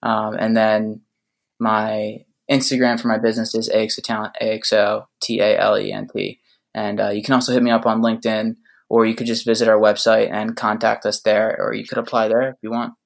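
A man's voice: fairly low pitch, completely flat delivery, fairly quick, creaky. A man on a podcast as a guest, chatting casually in a laid-back, joking way.

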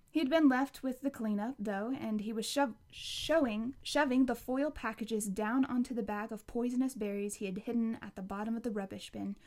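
Woman reading a novel aloud. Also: a little high. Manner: steady reading with occasional slips and restarts. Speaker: audiobook reader. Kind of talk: audiobook narration.

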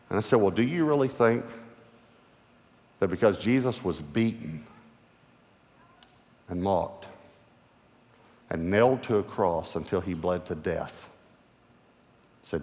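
A man's voice: fairly low pitch, normal speed. A male pastor preaching a sermon in a large church hall, emphatic and repetitive.

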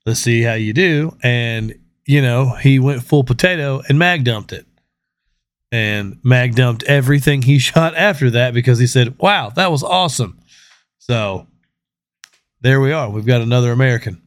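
A man's voice: mid-range voice, normal speed, no echo. A man hosting a podcast in casual chat, joking and swearing freely. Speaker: podcast host.

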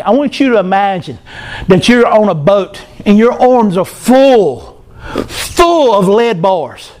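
A male pastor preaching a sermon, animated, acting out the voices of proud people. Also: high-pitched.

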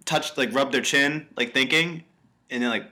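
A man's voice: mid-range voice, moderate pace. A young man co-hosting a podcast, chatting casually and acting out the scenes he retells. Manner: animated storytelling, acts out quotes. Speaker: podcast co-host. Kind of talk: casual chat.

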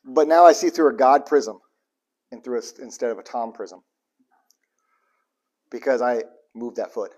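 A male pastor delivering a casual, irreverent sermon with plenty of humor. His voice sits in an ordinary middle range. He swings from loud, emphatic bursts to quiet, low, serious moments. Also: normal speed, pauses often, highs cut off. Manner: casual, joking, irreverent preaching.

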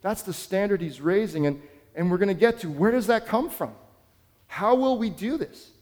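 A man's voice: high voice, expressive, normal speed, a little mellow, long reverb tail. A man preaching a sermon as pastor, telling a story in an earnest, conversational way.

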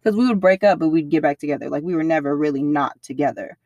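A young woman talks candidly in an interview, using casual, slang-filled speech that becomes animated whenever she quotes other people. Her voice sits low and she talks fast; the recording has no room sound and the highs are cut off.

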